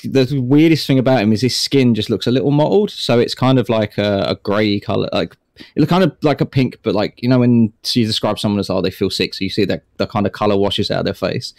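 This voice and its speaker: A young man who describes his tabletop character in a long, rambling way. His voice is fairly low, and the sound is dry and close. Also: a little fast, dry recording. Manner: rambling, many ums and likes. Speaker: player.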